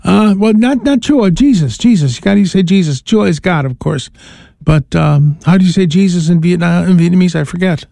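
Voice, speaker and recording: A man's voice: high-pitched, brisk, creaky, dark tone, dry recording, studio quality. An older man, a priest hosting a call-in radio show, giving advice in a chuckling, rambling way with many restarts.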